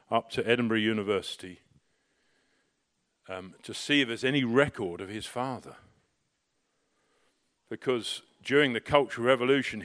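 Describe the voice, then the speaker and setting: This middle-aged man tells his story with a slightly low voice. He talks casually, breaking off and restarting, and rises into lively bursts at the exciting moments. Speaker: storyteller recounting personal experience.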